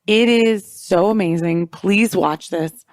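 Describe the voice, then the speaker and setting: A woman's voice: mid-range voice, takes it slowly, a little mellow, no room sound, clean studio sound. A woman co-hosting a podcast, chatting casually and animatedly about a reality show, swearing often and acting out quotes in big voices. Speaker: podcast co-host. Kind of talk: casual gossip chat.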